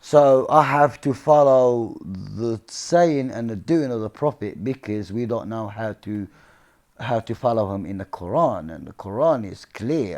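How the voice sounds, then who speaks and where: A man's voice: medium pitch, a little mellow. Earnest man explaining scripture informally. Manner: earnest, keeps checking in with "yeah?" and "see?". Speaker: religious commentator.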